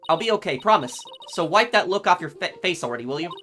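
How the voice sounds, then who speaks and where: A man reading the lines of a spirited young woman defense lawyer from a video game, brisk and indignant. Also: high-pitched, animated, over music.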